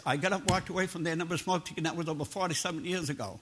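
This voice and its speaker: Older guy preaching, high voice, folksy and plain-talking, tells stories from his life. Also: steady tone, very fast, a bit bright. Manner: homespun, plain-spoken, drops into everyday grammar. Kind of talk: folksy sermon with personal stories.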